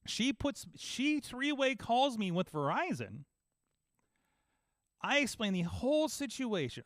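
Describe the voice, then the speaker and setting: A man's voice: high voice, unhurried, dry recording. Man telling a story in a dry room. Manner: animated storytelling, acting out both sides of calls. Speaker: podcast host. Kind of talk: casual chat.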